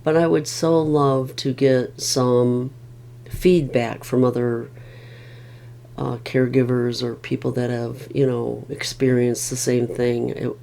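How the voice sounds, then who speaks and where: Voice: medium pitch, level tone, slow pace, gravelly, warm tone. A middle-aged family caregiver rambling wearily in a casual vlog, with many restarts.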